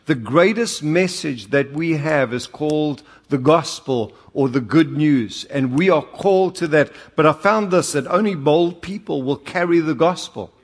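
With a long hall reverb around him, an older South African-accented man gives a sermon full of funny stories that climb into emphatic exhortation. He speaks a little high and a little slow, with hardly any pauses.

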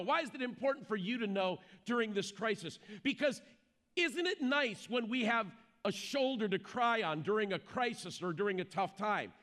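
A man preaching an Easter sermon as pastor, emphatic and slowing down to stress key phrases. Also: high-pitched, a bit bright.

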